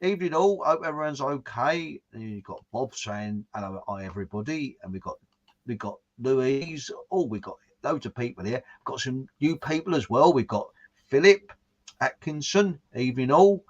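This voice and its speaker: A man's voice: mid-range voice, animated, normal speed, highs cut off. A man from England hosting a casual online chat, joking and reading out viewers' names. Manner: chatty, jokey, reads out viewer names. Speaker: host.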